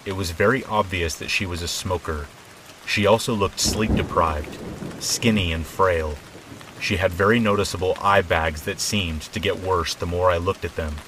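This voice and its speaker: A man with a very deep voice reads a scary story aloud, calm and measured. Soft rain patters faintly behind him. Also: background noise. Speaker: horror story narrator. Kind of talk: scripted narration.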